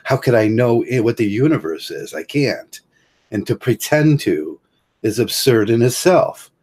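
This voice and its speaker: This livestream host, a man from Ohio with a Midwestern American accent, has a medium-pitched, sing-song voice that is darkish and husky. He rambles through philosophy in a halting way, full of fillers and restarts, and chuckles often.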